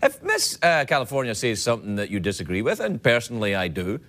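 A man's voice: mid-range voice, huge pitch swings, quick pace. A man hosting a late-night talk show, delivering a jokey comedic monologue full of self-mocking asides. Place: TV studio with live audience. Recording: loud studio audience laughter and noise.

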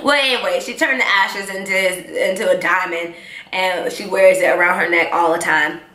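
Chatty young woman recapping a show, bright. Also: on the low side, moderate pace, reverberant. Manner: excited, chatty, animated storytelling. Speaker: vlogger. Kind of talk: casual TV recap.

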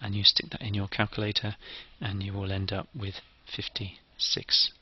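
A man's voice: fairly low pitch, flat delivery, moderate pace, slightly rough, dry recording, lo-fi sound. A man giving a methodical, step-by-step engineering lecture.

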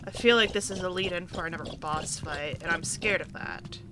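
A young woman giving casual, excitable commentary over a video game, gushing and swearing freely. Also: fairly low pitch, fairly quick, background noise. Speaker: gaming streamer. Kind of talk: casual let's-play commentary.

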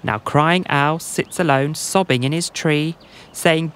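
Slow, gentle male storyteller. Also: fairly high pitch, clear, resonant tone. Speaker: narrator. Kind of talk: rhymed bedtime story narration.

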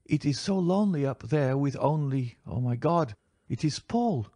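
A lonely young Greek woman who speaks in halting, broken English, voiced by a male narrator. The pitch is lifted above his usual voice, and the recording stays dry and close. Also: expressive, mellow, no echo. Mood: anxious.

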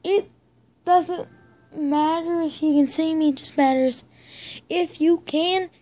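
Slow, high-voiced woman rambling. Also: dark tone. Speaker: YouTuber. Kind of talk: casual vlog Q&A.

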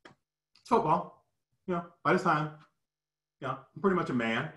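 Animated man telling a heated story. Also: fairly high pitch, normal speed. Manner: animated, profane, raises voice sharply when quoting himself. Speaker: storyteller recounting personal experiences. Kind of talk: emotional personal storytelling. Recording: echoey room.

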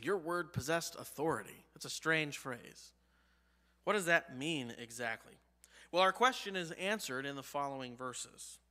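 A man's voice: mid-range voice, pushed and bright, in a large hall. A male pastor preaching a sermon, emphatic, asking the congregation rhetorical questions. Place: church sanctuary.

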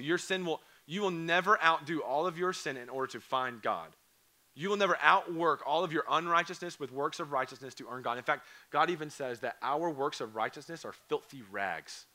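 A young man with a hoarse, fading voice preaching an earnest youth camp sermon, repeating phrases and asking students questions. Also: on the high side, pushed and bright. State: hoarse, voice going. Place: church or camp hall.

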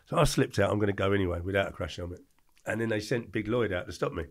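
A middle-aged man telling animated anecdotes as a podcast guest, acting out the quotes in his stories. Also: lowish voice, fast talker. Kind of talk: casual storytelling.

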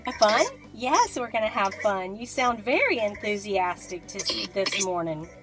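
A woman's voice: medium pitch, animated, unhurried, loud music behind the voice. A woman hosting a casual vlog, gushing and giggly as she talks to a doll in a put-on accent. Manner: using a fake accent. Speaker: host of a haunted doll channel. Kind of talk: casual vlog, spirit session.

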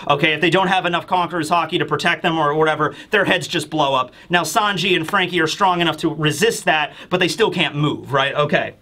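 An excitable male reviewer in casual commentary, close on the mic. His voice sits high and bright. He keeps slipping into short acted-out character lines. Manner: excitable, acting out character lines in quick bursts. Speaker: YouTube chapter reviewer.

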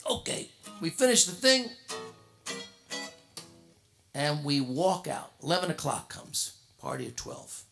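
Middle-aged male musician, animated comic storyteller on stage, raised pitch, gravelly edge. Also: slow, long pauses, soft background music. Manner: animated, comic storyteller with frequent laughs and restarts. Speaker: jazz guitarist and singer telling a story on stage. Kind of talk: anecdotal storytelling at a tribute concert. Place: concert stage before an audience.

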